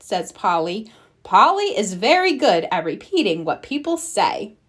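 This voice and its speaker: A woman reading a children's picture book aloud, slow and expressive. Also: mid-range voice. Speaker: storybook reader. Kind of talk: children's read-aloud narration.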